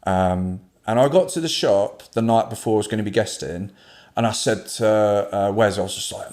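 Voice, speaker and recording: Speaking at a moderate pace, this low-voiced Kent man is a tattoo artist guest spinning casual tales. He keeps cursing throughout, stays lively and acts out characters with voices.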